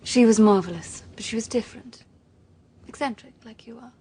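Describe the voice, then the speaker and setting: A woman's voice: a little high, a little fast, warm tone, close to an everyday voice. An actress playing a cold, haughty female villain, speaking in a cutting, condescending way in film dialogue. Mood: scornful.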